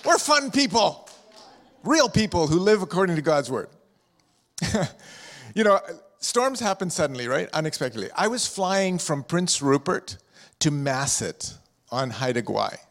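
A man's voice: fairly high pitch, big pitch swings, measured pace, long pauses, a bit bright. A middle-aged man preaching a sermon in church, chatty and jokey, telling stories and asking the room questions. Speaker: pastor and district superintendent. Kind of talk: sermon with humorous storytelling. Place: church hall with a live congregation. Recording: long hall reverb.

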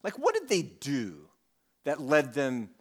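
A preacher takes it slowly, his fairly high voice swinging hugely in pitch. He teaches a Bible passage in a chatty manner, first reading it, then humorously voicing the disciples' lines.

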